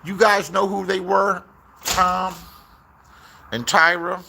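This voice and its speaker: A man with a somewhat high, sharp, forceful voice spins rambling stories. He swears freely and circles back over the same phrases as he goes. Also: little pitch movement, slow, gravelly, a little hiss or hum. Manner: profane, rambling, repeats phrases. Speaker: streamer telling stories. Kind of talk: casual storytelling rant.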